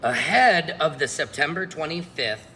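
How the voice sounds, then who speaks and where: A man delivering a casual news-style update in a bright, edgy tone. He hesitates often and wanders into unsure asides. Faint noise sits behind his voice. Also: fairly high pitch, expressive, moderate pace. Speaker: co-host segment as AI version of host.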